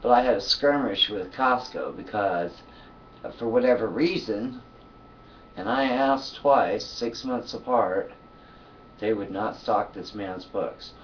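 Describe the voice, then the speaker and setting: A man's voice: lowish voice, slow pace, far from the mic, dull audio, slight background noise. A man talking to his camera in a loose, profane monologue, sleepy and yawning, laughing often between thoughts. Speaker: vlogger. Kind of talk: casual rambling monologue.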